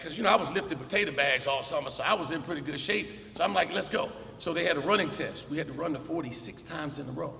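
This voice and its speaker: A middle-aged man giving a motivational commencement speech, telling stories and acting out the dialogue with lively energy. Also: a little high, vocal fry, slight background noise. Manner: storytelling with energetic acted-out dialogue. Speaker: commencement speaker. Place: large hall. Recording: echoey hall, faint ambience.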